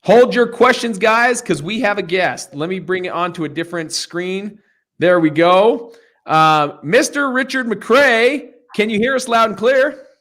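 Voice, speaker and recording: A man's voice: high voice, measured pace, fairly bright tone. Upbeat man hosting a live coaching stream. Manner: upbeat, joking, encouraging. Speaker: host of a live real estate Q&A.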